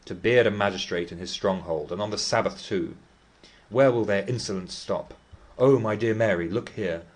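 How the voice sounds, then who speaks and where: A man's voice: on the low side, moderate pace, lightly acted. A man reading the part of a blustering, pompous old magistrate in an audiobook.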